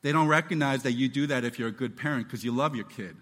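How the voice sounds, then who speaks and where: Animated preacher in a reverberant hall. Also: male voice, mid-range voice, quick pace. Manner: animated, acts out voices and quotes. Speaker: pastor. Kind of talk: sermon.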